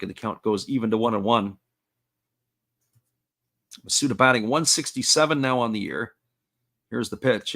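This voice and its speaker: Between pitches, this steady, folksy play-by-play announcer reads chat messages aloud while calling a live baseball game.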